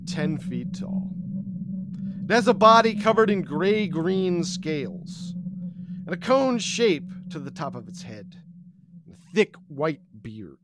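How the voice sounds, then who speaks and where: A man telling a comic second-person story, deadpan and breaking into laughs. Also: on the high side. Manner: deadpan, slow, laughing through. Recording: recording with audible hiss.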